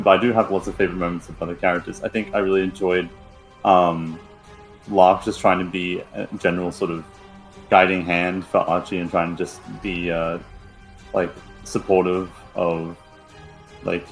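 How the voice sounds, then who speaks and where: A man's voice: low-pitched, steady tone, normal speed, faint music behind, low-quality recording. A man playing a tabletop game, chatting casually in a rambling, laughing way and swearing freely. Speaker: player. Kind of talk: casual chat.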